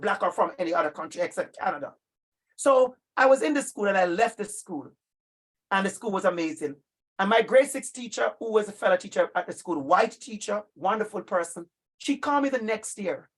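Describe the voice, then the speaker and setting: A man presenting an interactive online workshop for educators, emphatic and animated, calling on participants by name over a video call. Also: sits high, a little fast. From Jamaica.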